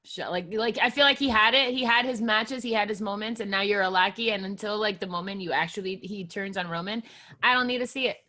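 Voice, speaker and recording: A woman co-hosting a casual podcast, blunt and quick to laugh. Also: mid-range voice, bright, forceful tone. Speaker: podcast co-host. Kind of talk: casual chat.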